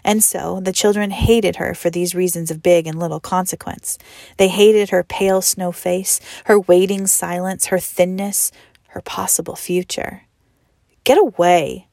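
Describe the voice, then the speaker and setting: Woman, story reader, expressive, hushed at times, dry close recording. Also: on the low side, gravelly, dry recording. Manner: expressive, slows and drops to a whisper for effect. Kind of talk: dramatic story reading.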